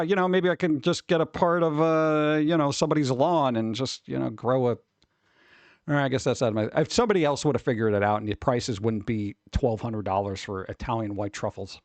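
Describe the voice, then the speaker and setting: A streamer hosts a livestream of casual chat, rambling, swearing offhandedly and reading the news aloud. His medium-pitched voice moves fairly quickly, with no echo.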